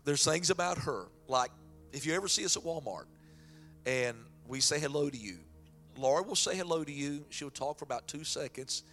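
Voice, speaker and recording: A man's voice: on the high side, expressive, normal speed, soft background music. A man preaching a sermon in a folksy way and then praying aloud. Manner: folksy preaching, shifts into loud prayer. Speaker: pastor.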